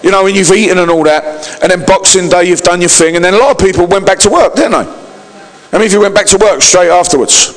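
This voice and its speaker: A man's voice: sits high, fast talker. A man preaching a sermon as pastor, calling out to the congregation for responses. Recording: long hall reverb.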